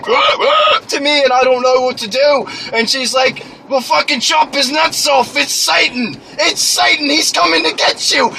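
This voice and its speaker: A man's voice: very high-pitched, noisy background. A young man improvising a crude, clueless young British man who rambles, stammers and swears constantly, with a put-on British accent. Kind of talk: improvised comedy monologue.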